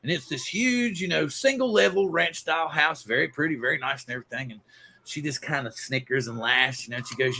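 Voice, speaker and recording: A man's voice: on the high side, lively intonation, moderate pace, gravelly, bright, forceful tone, slight background noise. A man hosting a casual group show, telling a long joke in a rambling, folksy way. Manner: rambling, folksy storyteller with lots of fillers. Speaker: podcast host.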